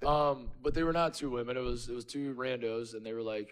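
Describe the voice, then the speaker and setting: A man co-hosting a casual podcast, spinning a long story with animated, self-mocking energy. His voice sits in a middle register, and he drops to a hushed tone when he quotes other people. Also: mid-range voice, brisk, clear, resonant tone. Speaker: podcast co-host.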